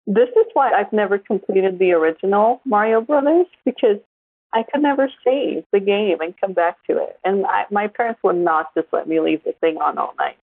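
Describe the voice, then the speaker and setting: A woman in her forties co-hosts a podcast, telling stories in a chatty, animated way during a casual conversation. Her low voice carries a gravelly fry at normal speed. The audio is dry and tinny like a phone line, with no echo.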